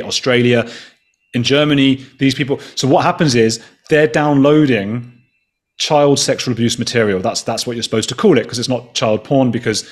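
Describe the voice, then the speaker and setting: A man in his thirties, a journalist guest on a podcast, telling a story casually, swearing freely and acting out the dialogue. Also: mid-range voice. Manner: swears freely, animated retelling with quoted dialogue.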